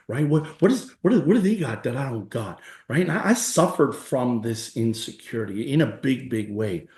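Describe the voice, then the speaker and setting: A man's voice: mid-range voice, expressive, normal speed, few pauses, a little mellow, echoey room. A man in his forties, a guest in a conversational interview, telling stories emphatically and acting out the voices of people he quotes. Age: 40s.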